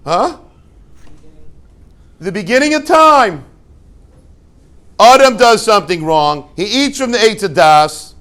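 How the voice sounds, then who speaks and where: A man's voice: high voice, lively intonation, slow pace, long pauses, fairly bright tone. A man, a rabbi and yeshiva head, giving an informal Torah talk to a class, telling stories with rhetorical questions and joking asides.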